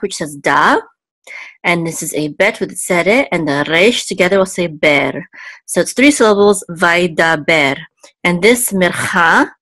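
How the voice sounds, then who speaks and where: A woman's voice: fairly low pitch, a bit bright, dry recording. A woman teaching a Hebrew reading lesson, going patiently letter by letter with small fillers. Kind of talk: online language lesson.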